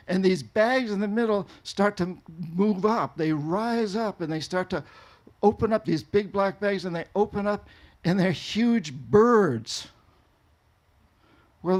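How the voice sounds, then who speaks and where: A man from New England telling a travel story to an audience in an animated way, laughing often. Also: high-pitched. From New England, USA. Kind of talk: storytelling talk.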